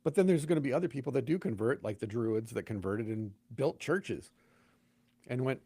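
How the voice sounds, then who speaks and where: Gravelly-voiced pastor chatting animatedly. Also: male voice, mid-range voice, normal speed, no echo. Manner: animated storyteller, acts out quoted voices. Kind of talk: casual podcast conversation.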